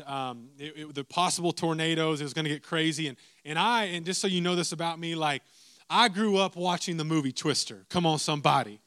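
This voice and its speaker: A man's voice: on the high side, a bit bright, smooth, no room sound. A young adult man preaching a sermon, telling a story with lots of repeated asides to the listeners. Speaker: pastor.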